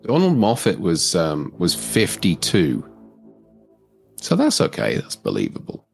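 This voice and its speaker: A man's voice: low voice, wildly swooping pitch, unhurried, gravelly, soft background music. A man hosting a casual watchalong, chatting animatedly about a film with frequent restarts. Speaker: host.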